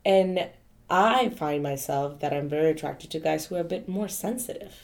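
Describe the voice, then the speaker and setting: A woman guest on a podcast speaks in a lowish, gravelly voice. She talks haltingly, starting thoughts and trailing off as she chats casually. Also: darkish tone. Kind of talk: casual chat.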